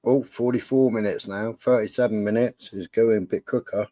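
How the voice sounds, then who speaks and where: A man's voice: on the low side, fairly even intonation, normal speed, dark tone, dry recording. A man with a Cornish accent, swearing and teasing in casual banter on a video call. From Cornwall. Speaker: live stream participant.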